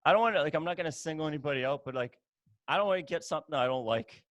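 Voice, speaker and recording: Joking podcast guest from Iran. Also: male voice, on the high side, very fast, fairly bright tone, no echo. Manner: joking, mock-indignant banter. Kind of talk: casual chat.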